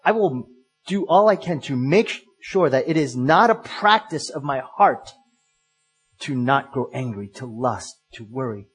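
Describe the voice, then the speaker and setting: A male pastor giving an earnest, emphatic sermon, pausing and restarting as he works through his points. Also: medium pitch, sing-song, breathy edge.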